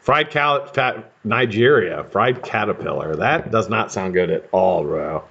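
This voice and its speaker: A man's voice: lowish voice, measured pace, fairly bright tone, slightly rough. An American man hosting a live stream, chatting casually and rambling with casual swearing while he builds coils. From United States. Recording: dull lo-fi stream audio.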